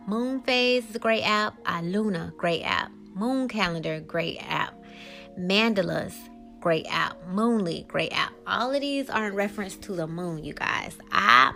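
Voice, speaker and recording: A woman's voice: mid-range voice, creaky, sharp tone. A woman hosting a solo podcast who talks in a candid, emphatic, rambling way. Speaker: podcast host.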